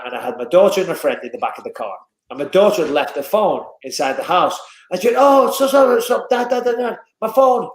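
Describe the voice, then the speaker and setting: A man from England with a Northern English accent, telling animated stories and swearing freely as a guest in casual chat. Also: on the high side, echoey room, rough recording.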